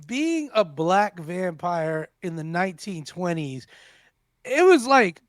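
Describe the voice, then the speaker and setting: A man co-hosting a comedy radio show, riffing quick jokes and slipping into character voices. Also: sits high, big pitch swings, dry recording, clean studio sound. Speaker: comedian co-host. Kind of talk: casual comedy radio banter. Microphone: studio mic.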